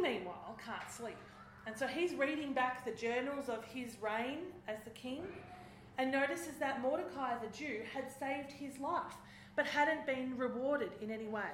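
A woman preaching, retelling a story in a lively way and acting out its voices. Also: on the high side, a little hiss or hum. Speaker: speaker. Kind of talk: sermon storytelling. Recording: echoey hall.

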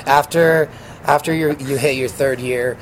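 Animated man telling a story, noisy background. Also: medium pitch, slow pace. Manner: animated, acts out quoted voices, laughs while telling. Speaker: sign spinner guest. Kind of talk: casual storytelling interview.

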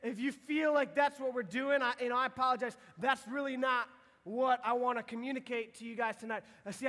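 High-voiced young pastor in a reverberant hall. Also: male voice, fairly bright tone. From United States. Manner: casual, earnest, frequent restarts. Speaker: youth pastor. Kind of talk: sermon to teenagers.

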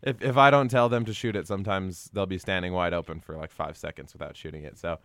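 A man's voice: deep voice, fast talker, dry recording, clean studio sound. A young man co-hosting a casual sports podcast, rambling about coaching middle school basketball. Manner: rambling, animated when quoting kids.

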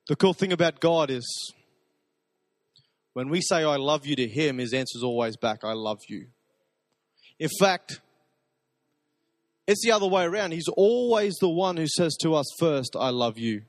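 A man preaching a sermon, telling stories in a conversational way and dropping to soft, intimate repetitions. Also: fairly high pitch, animated, a little slow, pauses often, no room sound. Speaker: pastor.

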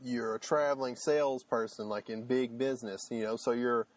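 A man's voice: medium pitch, fairly even intonation, moderate pace, a crowd in the background. A man co-hosting a podcast in casual chat, rambling with fillers and restarts. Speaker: podcast co-host.

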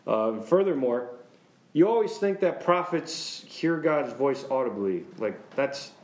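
A man, a pastor, teaching a church class in a casual, lively way, joking, often chuckling and asking the class questions. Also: medium pitch, a little slow. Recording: roomy classroom echo.

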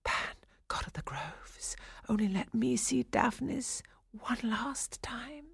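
A woman playing a young captive shepherdess from a storybook, breathless, hushed and hopeful in between terrified cries. The voice is close and dry. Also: on the high side, lively intonation, takes it slowly, creaky, breathy edge, no room sound, voice pushed up, heavily acted. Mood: secret whisper. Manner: breathless whispers and desperate cries. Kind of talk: storybook audiobook character voice.

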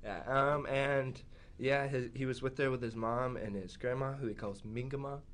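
A man's voice: medium pitch, steady tone, moderate pace, over a noisy crowd. A young man chatting hesitantly as a guest, rambling, and singing his own songs. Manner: rambling, hesitant, soft-spoken. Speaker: guest musician.

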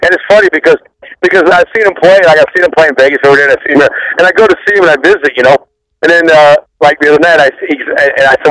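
A man in his fifties, a former rock bassist, rambling through profane backstage stories and laughing often. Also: very fast, fairly bright tone, dry recording, rough recording. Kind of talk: casual interview storytelling.

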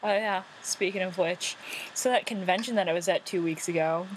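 A woman's voice: on the low side, brisk, slight background noise, low-quality recording. A young woman co-hosting a podcast, chatting casually and rambling with fillers and self-aware asides. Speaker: podcast co-host. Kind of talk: casual chat.

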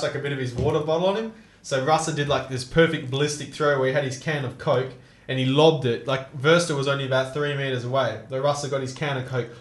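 A man's voice: mid-range voice, roomy sound. A young man telling stories in casual chat, laughing and swearing often. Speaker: co-host.

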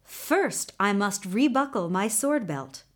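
A woman's voice: medium pitch, slow pace. Woman doing a brave young prince. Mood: calm defiant. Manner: calm, stalling.

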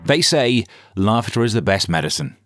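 Lively deadpan comedy host. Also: male voice, on the low side, moderate pace, dry recording, studio quality, faint music behind. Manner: deadpan sarcastic delivery. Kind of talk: scripted satirical news comedy.

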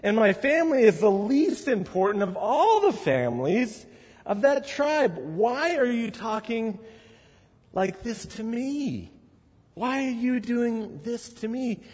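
A man's voice: very high voice, big pitch swings, slow, darkish tone, long reverb tail, pitched above the performer's own voice, full character voice. A man voicing a flustered, self-doubting young man who protests in a raised, pleading voice.

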